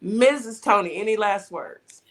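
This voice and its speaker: A woman's voice: mid-range voice, animated, a little slow. A woman hosting a casual morning talk show, chatty and sassy, laughing often. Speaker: show host.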